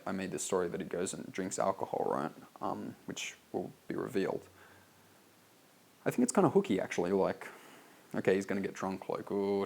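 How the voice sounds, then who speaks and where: A man's voice: deep voice, vocal fry, a little mellow. An Australian man reading his own sales copy aloud and critiquing it in a loose, casual way, full of "like" and swearing. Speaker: copywriter reviewing a sales letter.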